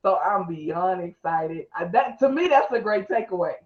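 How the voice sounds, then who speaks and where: A woman hosting a mentorship call, excitable and emotional, calling on guests for their takeaways. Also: fairly low pitch, moderate pace, roomy sound, highs cut off. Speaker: host and mentor. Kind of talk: casual video call chat.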